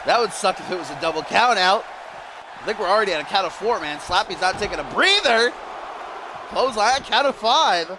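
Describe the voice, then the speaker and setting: A man giving live-stream play-by-play commentary on a wrestling video game, excitable and often rising to shouts on big moves. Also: high voice, fast talker. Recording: clear background noise.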